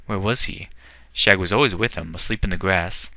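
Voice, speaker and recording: Male storybook reader; deep and bright, dry studio-close delivery. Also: moderate pace, no echo. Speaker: book reader. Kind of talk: scripted narration of a fantasy book.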